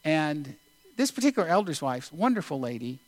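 A male preacher giving a sermon, telling a story in an unhurried, deliberate way with pauses. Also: on the high side, big pitch swings, no room sound.

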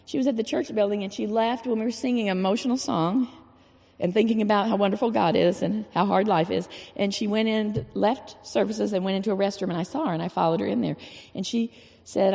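A woman's voice: medium pitch, a little fast, creaky, darkish tone, big-room sound. A woman giving an informal, earnest sermon in a folksy way, repeating phrases for emphasis. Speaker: church speaker.

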